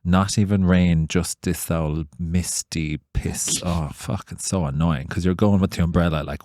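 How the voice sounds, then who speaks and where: A young Irish man, a podcast co-host, telling a sweary, animated story in casual chat. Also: sits low, moderate pace, hardly any pauses, dry recording, studio quality. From Ireland. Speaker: podcast co-host and tour guide.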